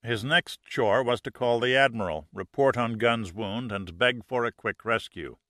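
A man reads an action novel aloud with steady, measured pacing. His voice has a bright, forward tone and sits at a middle pitch. The recording is close and dry. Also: dry recording. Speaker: audiobook narrator. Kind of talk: scripted narration.

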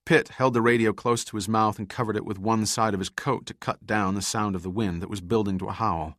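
A male audiobook narrator reading an adventure in a measured, dramatic delivery. His voice is very low and deep. The sound is dry and close, with no room around it. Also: fairly bright tone, no echo. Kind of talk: scripted narration.

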